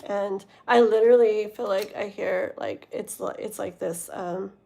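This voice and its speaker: A young woman hosts a live tarot stream in a loose, chatty way, with her speech full of "like" and "you know." She moves between readings and friendly banter with viewers, and her voice sits at an ordinary middle pitch for a woman. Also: steady tone, unhurried, gravelly, dark tone. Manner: reads chat messages aloud and greets viewers by name. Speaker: tarot reader and livestream host. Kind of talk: casual livestream chat and tarot reading.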